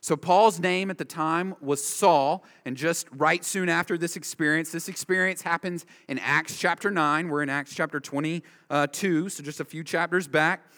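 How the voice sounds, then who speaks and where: A man preaches a verse-by-verse sermon in a rather high voice, pressing each point home with short repeated phrases. His words ring out with a long reverb, as in a large church sanctuary. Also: a bit bright. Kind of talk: expository sermon.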